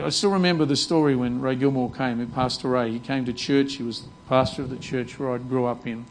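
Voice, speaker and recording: A man's voice: mid-range voice, a little hiss or hum, low-quality recording. A man preaching a sermon earnestly, often repeating words as he restarts his sentences. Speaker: pastor.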